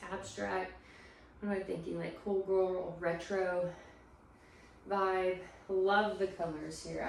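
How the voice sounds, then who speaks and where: A woman's voice: mid-range voice, vocal fry. A young woman talks through her latest thrift finds in a loose, chatty way, trailing off with fillers as she sorts through items. She sits some distance from the camera mic in a room at home, with strong echo around her voice and a faint hum of noise behind. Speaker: reselling vlogger, stay-at-home mom. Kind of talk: casual chat showing a thrift haul.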